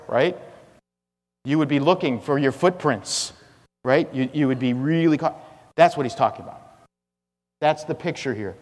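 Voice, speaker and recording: Emphatic preacher in an echoing church. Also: male voice, medium pitch, moderate pace, pauses often. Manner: emphatic, repetitive preaching with swings from loud to hushed. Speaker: pastor. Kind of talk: expository sermon. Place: church sanctuary. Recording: long reverb of a church hall.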